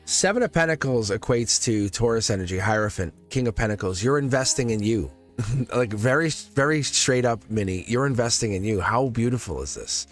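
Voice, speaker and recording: A man's voice: mid-range voice, lively intonation, normal speed, soft background music. Chuckling man reading tarot live. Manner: rambling, repeats phrases, chuckles often. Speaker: tarot reader livestream host. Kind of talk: live tarot reading, casual spiritual talk.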